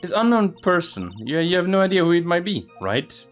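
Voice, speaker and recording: A man's voice: high voice, very animated, fairly quick, soft background music, pitched above the performer's own voice. A man voicing a nervous young female rookie defense lawyer who stammers and gets defensive. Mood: surprised.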